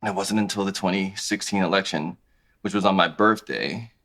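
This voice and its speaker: A man in his thirties, a podcast guest talking about his clothing brand in a relaxed, conversational way. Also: sits low, fairly quick, creaky. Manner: relaxed, conversational, thinks aloud with restarts. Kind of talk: casual interview chat.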